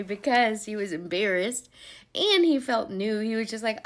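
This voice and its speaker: A woman's voice: medium pitch, lively intonation, normal speed. A woman telling a personal faith story straight to camera in a chatty way, with frequent ums and laughs. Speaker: vlogger sharing a faith testimony.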